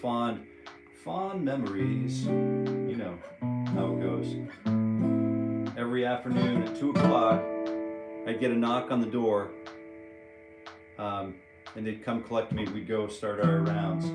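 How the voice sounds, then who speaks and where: A man's voice: lowish voice, slow, long pauses. A man hosting a casual live-stream guitar lesson, chatting in a rambling way and counting rhythms aloud while he plays, recorded on a propped-up phone at home. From United States. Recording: roomy echo under loud guitar playing.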